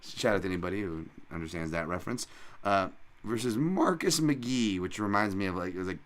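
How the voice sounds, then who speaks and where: A man's voice: deep voice, expressive, a little fast. A man hosting a solo fight-betting podcast, talking casually in a profane, rambling and jokey way. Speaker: podcast host and fight analyst.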